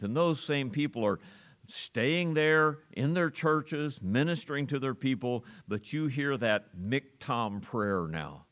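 Man, pastor, sermon, middle pitch, slow emphatic scripture reading, conversational explaining. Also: lively intonation, fairly bright tone.

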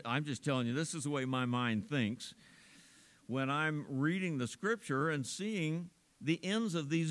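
A man preaching a sermon as pastor, folksy and rambling, chuckling often and leaning hard on small words. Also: fairly bright tone. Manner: stresses small words with big pitch swings.

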